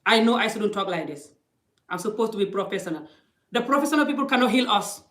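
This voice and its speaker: Here a middle-aged woman delivers casual motivational talk into her phone, stressing points and acting out dialogue she quotes. She speaks fast and expressively at medium pitch with a fairly bright tone. There's a roomy echo.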